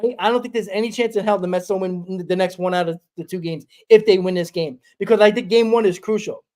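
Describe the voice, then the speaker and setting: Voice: medium pitch, fast talker, darkish tone. A sports talk host chatting casually, often restarting and repeating phrases. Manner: rambling, repeats himself. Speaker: podcast host.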